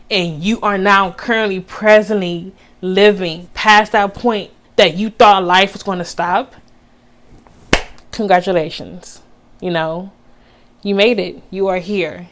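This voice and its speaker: A young adult woman talking earnestly to her viewers in a personal vlog, encouraging them and calling them baby. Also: medium pitch. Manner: casual with Southern US slang like y'all. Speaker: vlogger. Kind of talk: heartfelt personal vlog talk.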